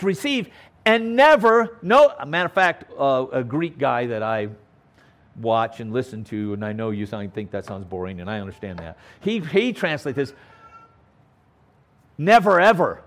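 A man's voice: mid-range voice, very animated, moderate pace, fairly bright tone. A man preaching a verse-by-verse Bible teaching sermon, stressing key words and often checking in with "okay?". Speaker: pastor.

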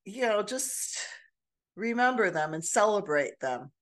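A woman's voice: medium pitch, very animated, measured pace, fairly bright tone. An older woman co-hosting a podcast, telling personal stories in a casual, earnest way with many restarts. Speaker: podcast co-host. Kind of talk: casual chat.

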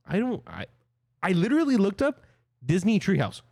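A young man co-hosting a casual podcast, quick to agree and laugh. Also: high voice, big pitch swings, creaky, dark tone, no echo, studio quality. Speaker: podcast co-host. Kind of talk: casual chat.

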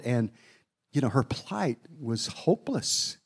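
A man's voice: medium pitch, moderate pace, a little mellow. A middle-aged man preaching a sermon, telling a personal story in a folksy way, with asides to his listeners.

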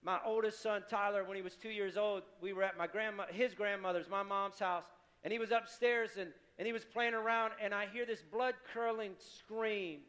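A middle-aged man preaching a sermon, telling a story with feeling and repeating words in quick bursts. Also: high voice, steady tone, fairly bright tone. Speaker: pastor. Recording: music playing behind.

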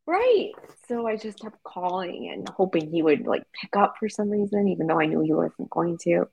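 Woman interview guest, husky and slightly low, candid storyteller with lots of fillers. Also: lively intonation, normal speed, a little mellow, dry recording, low-quality recording. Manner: emotional, frequent fillers like "like".

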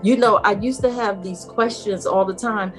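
A woman's voice: medium pitch, steady tone, moderate pace, soft background music. A woman giving spiritual advice in an emphatic preaching manner, quoting scripture from memory and repeating her key words. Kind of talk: faith talk, preaching.

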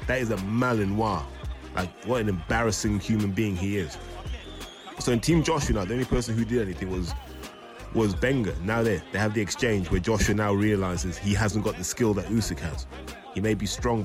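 A man giving blunt, scornful commentary over boxing footage. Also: on the low side. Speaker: boxing analyst.

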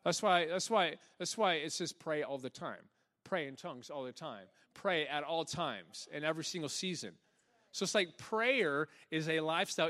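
Young male pastor, slightly high voice, animated sermon delivery, laughs a lot, acts out quoted lines. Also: moderate pace. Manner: energetic, laughing, acts out quotes in soft low voice.

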